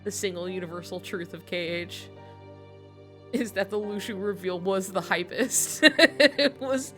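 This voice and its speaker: A woman streamer chatting casually and excitably, swearing and laughing often. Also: medium pitch, a little slow, soft background music. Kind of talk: casual chat.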